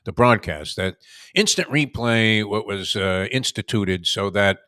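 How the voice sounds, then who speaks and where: A man with a low voice hosts a casual sports talk show. He talks in halting stretches full of fillers, then breaks into animated bursts. The recording is dry, with no room sound. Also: dry recording.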